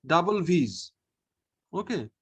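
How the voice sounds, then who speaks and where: A man leads an online French lesson, taking it slow and repeating each sound for his pupil. His pitch swings widely as he explains, and his voice carries a faint husky edge. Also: sing-song. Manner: slow, patient, repeats each sound, often says okay. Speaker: French teacher.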